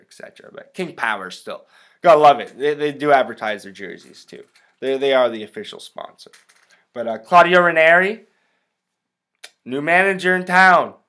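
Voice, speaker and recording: Young american guy ranting casually about soccer on his podcast, bright voice, swears a ton. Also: medium pitch. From United States. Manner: profane, rambling, blunt. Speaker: podcast host. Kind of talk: casual solo sports commentary.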